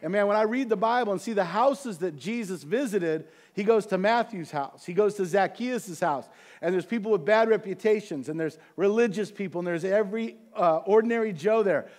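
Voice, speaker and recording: A man's voice: high-pitched, fairly quick. A middle-aged man preaching to his congregation, talking casually and asking them questions along the way. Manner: conversational, animated preaching with asides to the congregation. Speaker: pastor. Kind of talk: sermon.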